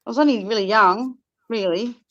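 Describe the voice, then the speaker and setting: A woman's voice: fairly high pitch, fairly quick, a bit bright, lo-fi sound. A woman, a podcast guest chatting casually and hesitating as she recalls things. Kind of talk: casual chat.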